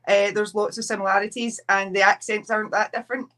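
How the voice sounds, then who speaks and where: A woman's voice: mid-range voice, level tone, fast, a bit bright. A young Scottish woman, a guest wrestler, chatting casually on a podcast and acting out quotes as she tells stories. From Scotland. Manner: chatty storyteller, acts out quotes.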